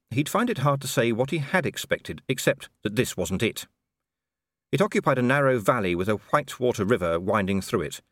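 A man's voice: fairly low pitch, no echo. A man reading an audiobook in a dry, wry storytelling manner. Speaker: audiobook narrator. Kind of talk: scripted narration.

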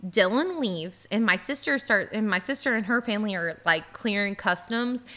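A woman in her thirties, a podcast co-host, telling a story in casual chat, animated and swearing freely, with lots of "like". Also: mid-range voice, normal speed.

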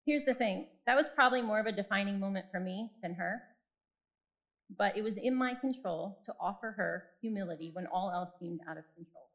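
A woman's voice: mid-range voice, a little fast, low-quality recording. A woman in her forties giving a personal faith talk, candid and self-deprecating as she tells stories from her own life. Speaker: speaker.

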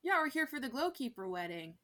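Woman player, mid-pitched, wry and teasing, casual tabletop chat. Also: sing-song, fast talker, sharp tone. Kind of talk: tabletop game play.

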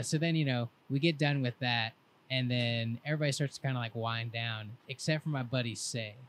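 A young man on a podcast, telling a long rambling story in a casual, laid-back way and quoting his friends in lively voices. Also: mid-range voice, a little hiss or hum. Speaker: podcast co-host.

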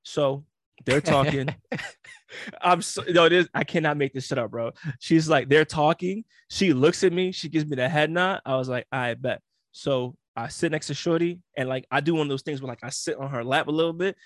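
A young man in casual chat, telling a story in a slangy, animated way and acting out the other people in it. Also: fairly high pitch, normal speed, no echo, clean studio sound. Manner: slangy, animated storytelling with frequent laughs and acted-out quotes.

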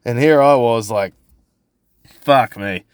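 A man's voice: medium pitch, slow pace, smooth, no echo. New zealand man, young adult, podcast host, sweary rant, dry close sound. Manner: sweary, blokey, gets worked up. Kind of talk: casual solo podcast rant.

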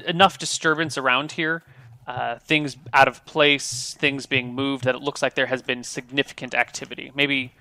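A man runs a tabletop game with a bright, forceful voice that sits at an ordinary pitch. He narrates scenes in an easygoing, improvised way. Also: level tone, normal speed, no echo. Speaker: game master.

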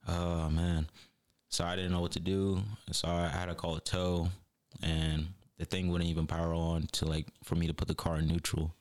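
A man with a very deep, low voice. He tells stories in a loose, slangy way and laughs easily. He is a guest on a casual podcast chat. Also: completely flat delivery, normal speed, a little mellow. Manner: laid-back storyteller, slangy, laughs often.

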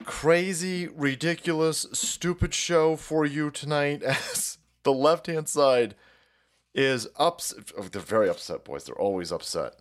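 A man hosting a rambling political stream, loud, mocking and foul-mouthed, laughing often between lines. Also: a little high, animated, measured pace. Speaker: streamer host.

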